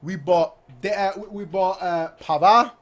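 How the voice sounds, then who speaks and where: A young man hosting a fan channel, chatting excitedly after a match, boastful and repeating himself for effect. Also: high-pitched, measured pace. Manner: animated, boastful, repeats phrases, acts out players' voices.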